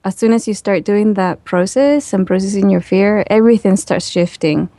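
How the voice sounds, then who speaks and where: A woman guest in a relaxed, chatty interview who laughs easily and uses lots of fillers. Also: medium pitch, normal speed, no echo. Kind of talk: casual spoken interview.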